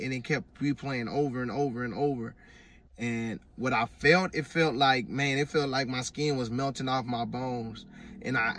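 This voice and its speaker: A man's voice: medium pitch, a bit bright, distant mic. Earnest man rambling through a testimony. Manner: earnest, rambling, with repeated restarts. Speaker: vlogger giving religious testimony. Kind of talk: casual personal testimony.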